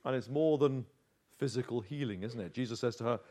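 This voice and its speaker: A man's voice: mid-range voice, a little fast, darkish tone. A man preaching a sermon through a Bible passage, telling it as a vivid story with rhetorical questions. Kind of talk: expository sermon.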